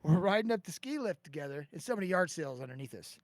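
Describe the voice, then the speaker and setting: A man's voice: fairly high pitch, sing-song, racing, dry recording, studio quality. A man on a podcast, telling stories brashly in casual chat and swearing freely.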